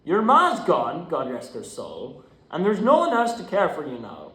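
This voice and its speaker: A man reading the part of a gruff, worn-out working father, curt and dismissive, at a script read-through. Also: fairly high pitch, wildly swooping pitch, normal speed, a bit bright. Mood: stern. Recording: roomy echo.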